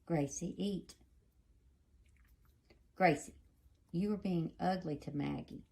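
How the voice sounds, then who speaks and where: A woman's voice: fairly low pitch, slow pace, vocal fry, darkish tone. A woman talking to her dogs in a coaxing, scolding, sing-song way. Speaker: pet owner filming her dogs. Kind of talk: casual talk to dogs.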